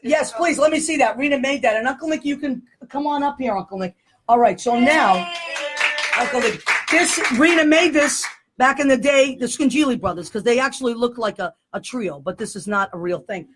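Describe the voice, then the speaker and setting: A woman, hosting a show with loud, laughing, rambling talk. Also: high-pitched, lively intonation, brisk. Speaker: host. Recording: noisy room sound.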